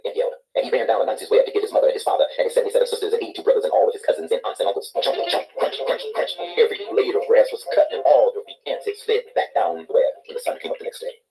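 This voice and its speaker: A man reading a children's picture book aloud in an expressive, animated storyteller's way. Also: sits low, rapid-fire, few pauses, rough recording.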